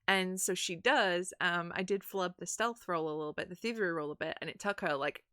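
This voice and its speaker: A woman's voice: lowish voice, fairly quick, few pauses, pushed and bright, no room sound, studio quality. A woman recapping her roleplaying game in casual chat, telling the story animatedly with lots of fillers.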